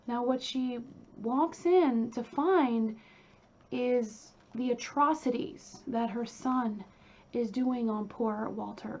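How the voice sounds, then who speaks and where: Slow, blunt woman telling a true crime story. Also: a little high, a little mellow. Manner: casual, blunt, with frequent "like". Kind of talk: casual true crime narration. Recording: dull lo-fi recording with faint ambience.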